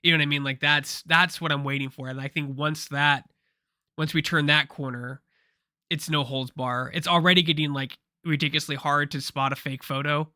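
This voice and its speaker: A man's voice: on the high side, fairly even intonation, normal speed, bright, forceful tone, smooth, dry recording, clean studio sound. A man co-hosting a casual pop culture talk show, rambling and opinionated with frequent restarts. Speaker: co-host. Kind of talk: casual podcast discussion.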